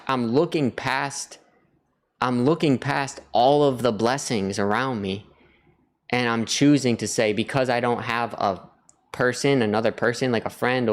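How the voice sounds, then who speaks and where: A man vlogging to camera in an earnest, rambling way, on the verge of tears, repeating words as he reflects and then grows excited. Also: mid-range voice. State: near tears. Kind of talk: emotional personal reflection to camera.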